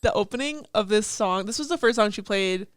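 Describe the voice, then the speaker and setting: A woman's voice: mid-range voice, expressive, a little fast, over music. A young woman in her twenties co-hosting a casual podcast chat about song lyrics, chatty and peppered with "like" and casual swearing. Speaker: podcast co-host.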